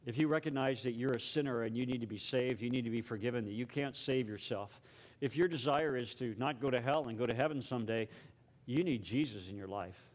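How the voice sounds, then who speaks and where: A male pastor preaching a sermon, telling a story dramatically and then going hushed for prayer. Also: mid-range voice, a little fast.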